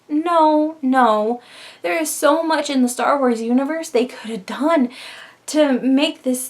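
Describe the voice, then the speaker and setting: A woman in her twenties ranting on her own vlog, animated and exasperated, with quick tangents. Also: on the high side. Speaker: vlogger.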